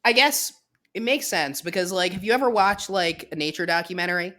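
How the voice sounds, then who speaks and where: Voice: medium pitch, brisk, bright, forceful tone. A podcast co-host in casual comedic chat, sarcastic and profane.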